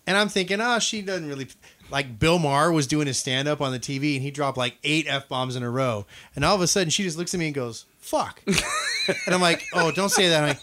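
A man's voice: fairly high pitch, quick pace, sharp tone, slight background noise. A man chatting casually on a podcast, telling a laughing story about his toddler. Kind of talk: casual chat.

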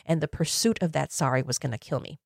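A woman's voice: low-pitched, fast talker, creaky, no room sound, studio quality. A woman in her forties hosting a podcast, telling personal stories in an earnest, reflective, conversational way. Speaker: podcast host.

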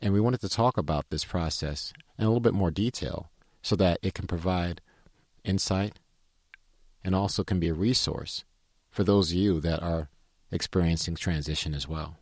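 A male professor hosting a podcast, opening in a formal, deliberate way and chatting. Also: sits low, darkish tone, dry recording, clean studio sound. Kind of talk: podcast introduction and chat.

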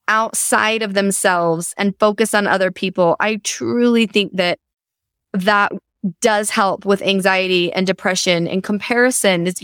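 A middle-aged woman hosting an interview, telling a personal story in an earnest, animated way. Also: medium pitch, clean tone, no room sound, studio quality. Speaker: podcast host.

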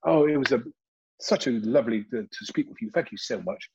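A man's voice: mid-range voice, animated, brisk, darkish tone, breathy edge, highs cut off, pitched below the performer's own voice. A man voicing an overly polite British male telemarketer with a prim, formal British accent. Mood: genteel.

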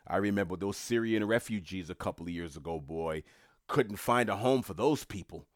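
A man's voice: deep voice, normal speed, no echo, clean studio sound. A middle-aged man talking casually to his viewers in a rambling, musing way with mocking asides. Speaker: commentator.

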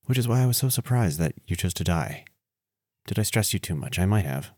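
A man hosting a podcast, speaking a casual eulogy to his plants. He rambles playfully, makes fun of himself, and swings between animated outbursts and quiet murmurs. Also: sits low, a little fast, dry recording, studio quality. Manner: playful and rambling, with self-mocking asides. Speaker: podcast host.

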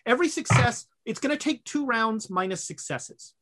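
Animated woman running a tabletop game. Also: a little high, noisy background. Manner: halting, many fillers and restarts. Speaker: game master. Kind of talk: narrating a tabletop horror game.

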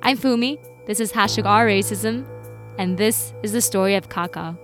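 A woman hosting and narrating a short documentary in an even, scripted delivery. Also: mid-range voice, moderate pace, soft background music. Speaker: host and narrator.

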